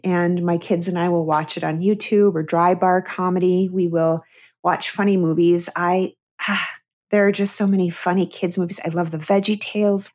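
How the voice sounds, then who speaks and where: A middle-aged woman with a lower-pitched voice speaks as an interview guest. Her storytelling is earnest and candid, moving from heavy memories toward easy laughter. She sounds like a therapist with a comedian's timing. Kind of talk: heartfelt personal storytelling in a podcast interview.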